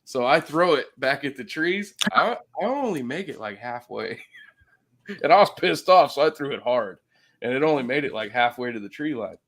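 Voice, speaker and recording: A man in the middle of a story, talking with lively ups and downs in pitch. He swears freely, laughs between phrases, and swings between loud bursts and quiet asides. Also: moderate pace, a little hiss or hum. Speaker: guest telling a story.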